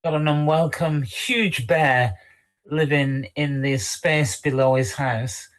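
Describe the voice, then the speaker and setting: A co-host in casual talk-show chat, speaking haltingly with many repeated words and fillers. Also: mid-range voice.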